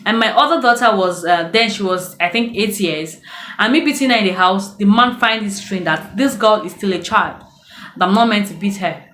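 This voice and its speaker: A woman's voice: medium pitch, moderate pace, a bit bright, slight background noise. A woman from Nigeria with a Nigerian accent, giving casual advice in a storytelling way in a video blog. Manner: chatty storytelling, acts out quoted voices. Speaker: vlogger. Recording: echoey room.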